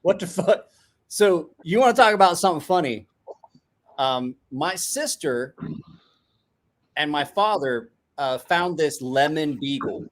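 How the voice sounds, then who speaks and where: Man, fairly high voice, middle-aged, swearing a lot, animated yarn-spinner, casual chat. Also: measured pace, pauses often. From small rural town. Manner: profane, animated storyteller. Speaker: host.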